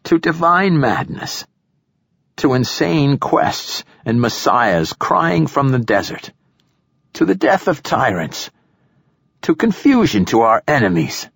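A man voicing an ancient, frail male poet who is imperious and profane, with a rasping, snappish delivery. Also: mid-range voice, very animated, slow pace, a bit bright, dry recording, voice pushed up, heavily acted. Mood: formal. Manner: snappish and formal.

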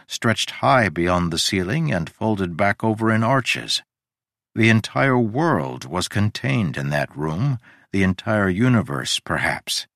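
A man narrating a story in a measured, descriptive way. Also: fairly low pitch, a bit bright, dry recording, clean studio sound.

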